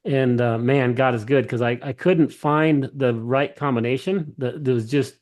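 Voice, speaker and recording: A man's voice: mid-range voice, steady tone, moderate pace, darkish tone. Enthusiastic male CEO telling his story. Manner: enthusiastic, acts out quoted dialogue, frequent restarts. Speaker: company CEO, podcast guest. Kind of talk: casual interview storytelling.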